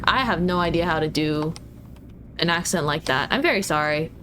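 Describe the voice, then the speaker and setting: A woman's voice: sits low, moderate pace, noisy background. A woman streamer chatting playfully and giggling while playing a driving game. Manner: playful, giggly, teasing chat. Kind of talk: casual gaming stream chat.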